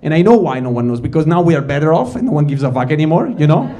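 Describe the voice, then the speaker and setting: His voice is fairly high and mellow, with lively intonation and rapid-fire delivery over slight background noise. On stage before a live crowd, this Ticino-born comic rambles, catches himself mid-sentence, and keeps addressing the audience as "guys."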